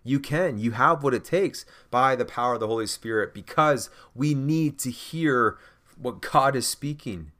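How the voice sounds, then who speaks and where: A man hosting a faith podcast, speaking earnestly and urging listeners he calls gentlemen. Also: mid-range voice, expressive, unhurried. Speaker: podcast host. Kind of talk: exhorting faith podcast monologue.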